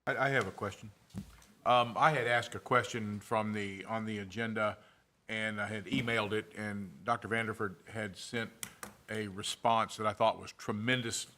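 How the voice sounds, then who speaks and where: A man's voice: on the low side, steady tone, moderate pace, bright, forceful tone. A man on a school board raising a question at a meeting, earnest and with small restarts. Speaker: board member.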